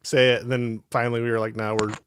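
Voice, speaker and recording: A man's voice: medium pitch, level tone, quick pace, clean tone, dry recording, studio quality. A man hosting a casual livestream chat, rambling, laughing often and reading viewers' chat messages aloud. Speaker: host.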